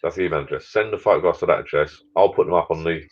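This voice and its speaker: Deep-voiced man chatting on a live stream. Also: very fast, dull audio. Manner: rambling, chatty, reads out viewer comments. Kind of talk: casual live chat.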